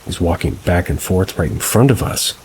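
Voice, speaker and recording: A man calmly narrating reader-submitted paranormal stories, adding brief asides of his own. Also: low voice, normal speed, slight background noise, low-quality recording. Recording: rain sounds mixed behind the voice. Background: steady rain ambience.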